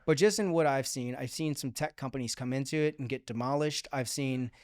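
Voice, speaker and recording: A man's voice: mid-range voice, fairly quick, darkish tone, smooth, dry recording, clean studio sound. A man talking as a podcast guest in a casual interview, thinking aloud in long upbeat trains of thought with many fillers and restarts. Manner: upbeat and forward-looking. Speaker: podcast guest, digital strategy manager.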